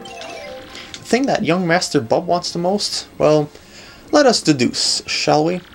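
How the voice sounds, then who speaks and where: A man's voice: sits high, sing-song, slow, vocal fry, soft background music, voice pushed up, full character voice. A man voicing a pompous, bumbling male detective in a video game, grand and self-assured.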